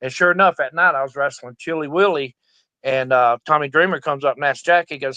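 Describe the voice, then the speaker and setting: A man's voice: medium pitch, fairly quick, bright, forceful tone, dry recording. A middle-aged man, a veteran wrestler, telling stories in a casual interview, profane and rowdy, acting out the voices of the people he quotes. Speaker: guest, veteran pro wrestler.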